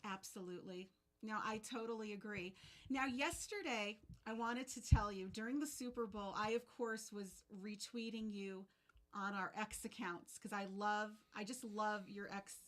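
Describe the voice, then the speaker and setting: A woman co-host in casual interview chat, friendly and quick to laugh. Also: medium pitch.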